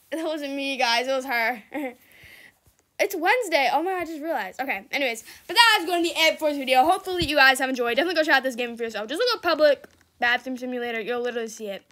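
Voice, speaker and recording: A woman's voice: high-pitched, fast, bright, forceful tone. A young woman giving casual, giggly commentary on her gameplay, laughing often and shrieking for help. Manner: giggly, exclaims and shrieks, reads chat aloud. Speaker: gaming YouTuber.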